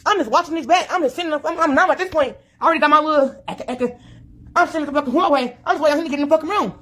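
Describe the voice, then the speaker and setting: A woman in a played video delivers a furious, profanity-laden rant, repeating herself over and over as she swears nonstop. Her high voice races along with a fairly bright tone.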